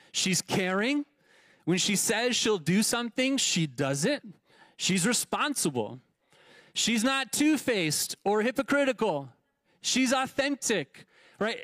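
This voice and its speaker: A male pastor preaching a sermon in a casual, conversational way, often tossing in a "right?" to the congregation. His voice sits a little high for a man. The sound is close and dry, with no room echo. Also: fairly bright tone. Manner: conversational, asks "right?" often, restarts words. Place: church sanctuary.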